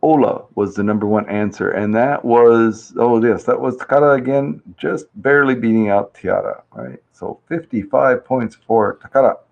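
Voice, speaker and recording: A man's voice: mid-range voice, moderate pace, vocal fry, few pauses, darkish tone, dull audio. A man hosting a casual live-stream survey game, chatty and reading viewers' answers aloud with easy laughs. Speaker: livestream host running a survey game.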